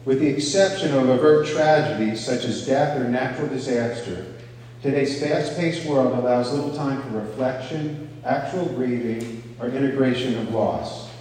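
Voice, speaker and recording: Heard from a distance in an echoey hall, this pastor delivers a conversational teaching sermon, repeatedly asking the audience "okay?". His mid-range voice has a darkish tone at normal speed, with slight background noise.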